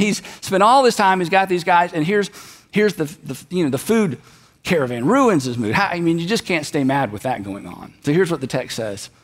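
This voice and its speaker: A man preaching a sermon, retelling a story in a conversational way and acting out the characters' lines. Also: a little high. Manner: animated, conversational, acts out the characters. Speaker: pastor.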